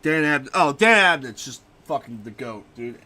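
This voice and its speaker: In an animated, mid-range voice that is pushed and bright, a young man streams a game at a moderate pace. He chats casually, ranting and cursing freely about books he has read.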